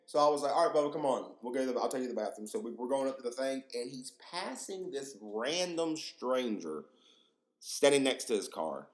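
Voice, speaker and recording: A young man tells stories on his podcast, loose and slangy, full of fillers and crude jokes. His pitch sits in the middle but swings widely as he talks. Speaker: podcast host. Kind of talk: casual storytelling monologue.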